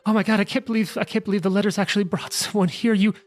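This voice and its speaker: Flustered, stammering village barber woman, put on by a male game master, raised pitch, gushing. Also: little pitch movement, racing, natural voice. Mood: frantic relief.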